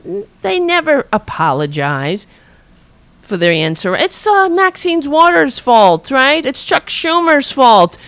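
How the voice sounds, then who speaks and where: A woman podcast host delivers a heated, profane political rant laced with sarcasm. Her pitch swings widely as she talks. The sound is dry and close, with no room echo. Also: fairly bright tone, smooth. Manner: heated, profane, sarcastic rants at a played clip. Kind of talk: angry political commentary.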